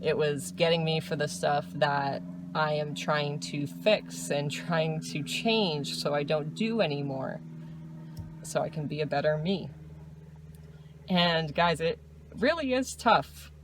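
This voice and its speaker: A woman talking casually in a personal diary vlog, rambling, restarting and laughing often, in a dark room at night. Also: deep voice, slow pace, background noise. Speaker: vlogger.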